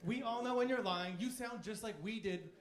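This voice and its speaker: Thirties male comic, high-pitched, provocative stand-up delivery, roomy club sound. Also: moderate pace, background noise. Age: 30s. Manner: cocky, provocative, crude. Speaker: stand-up comedian. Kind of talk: stand-up routine. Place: comedy club stage. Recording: echoey club room.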